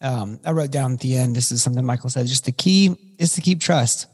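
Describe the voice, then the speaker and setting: A podcast co-host with a medium-pitched, darkish, slightly rough voice talks a little fast in casual conversation. He rambles, keeps restarting his sentences and fills the gaps with ums. The room has a long reverb.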